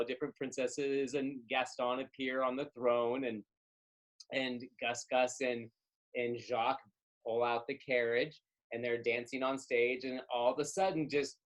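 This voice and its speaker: A man, a stage performer, chatting as a podcast guest and telling rambling, animated tour stories. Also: medium pitch, unhurried, low-quality recording. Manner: animated, rambling, trails off in asides. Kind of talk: casual storytelling chat.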